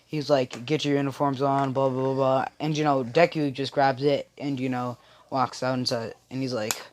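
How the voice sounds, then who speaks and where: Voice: mid-range voice, steady tone, moderate pace. A young storyteller casually retelling a fan-made anime story from a bedroom, rambling and restarting, with constant "you know" fillers. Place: own bedroom with friends nearby.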